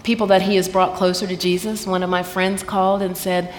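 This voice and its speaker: A woman's voice: fairly low pitch, level tone, a little fast. A woman with a Southern American accent, sharing a heartfelt personal testimony at a church women's event, quoting scripture and laughing easily. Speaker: guest sharing her testimony. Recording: reverberant hall, faint background noise.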